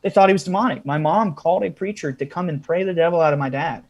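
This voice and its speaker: A man's voice: on the high side, fast, dull audio, crowd noise. A man, a podcast guest, telling a long story in a casual interview style with frequent asides.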